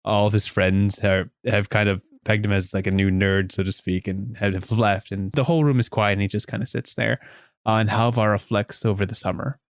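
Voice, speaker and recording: A man hosting a podcast, improvising a story aloud in an animated way with frequent restarts. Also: on the low side, brisk, no echo, clean studio sound. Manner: animated, with many restarts and fillers. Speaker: podcast host.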